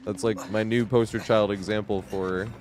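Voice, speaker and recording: Low-voiced man swearing through gameplay banter. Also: fairly even intonation, normal speed. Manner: laughs often, swears freely, tells stories animatedly. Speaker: game streamer. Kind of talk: casual live gameplay commentary.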